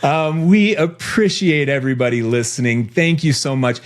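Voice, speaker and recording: A man's voice: mid-range voice, normal speed. A man co-hosting a podcast, chatting in a friendly, upbeat way. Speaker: podcast co-host. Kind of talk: casual podcast chat.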